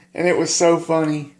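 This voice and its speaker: Halting, higher-pitched man vlogging. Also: darkish tone. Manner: halting, with many filler pauses. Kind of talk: casual talk about a favorite film.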